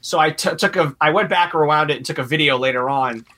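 Man, bright sharp voice, slightly high, casual podcast chat, animated, jumps between points. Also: fast. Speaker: podcast co-host.

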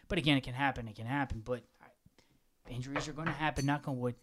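A man co-hosting a podcast, chatting casually about football in an excitable, rambling way, his pitch jumping when he gets worked up. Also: fast, noisy background. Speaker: podcast co-host. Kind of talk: casual sports chat.

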